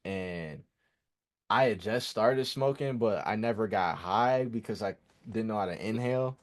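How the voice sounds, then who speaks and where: A young man, a musician guest, telling stories casually in a slangy, animated way. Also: on the low side, a little slow. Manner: animated, slangy, acts out voices. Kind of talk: casual storytelling in an interview.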